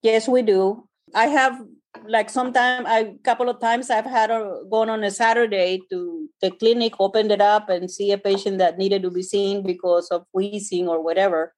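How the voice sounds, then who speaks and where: A woman physician answering interview questions in a conversational way, pausing often and searching for words. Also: medium pitch, fairly even intonation, a little mellow. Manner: hesitant, searching for words with many fillers. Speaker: physician guest.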